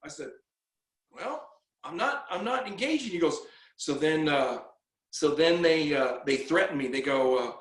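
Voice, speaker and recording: A man with a fairly high voice tells a long personal story in loose, casual talk. He stumbles and repeats words and acts out the back-and-forth he recounts. The room around him rings with echo. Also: lively intonation, measured pace, fairly bright tone. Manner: rambling, repeats words, acts out quoted exchanges. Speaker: guest telling his story.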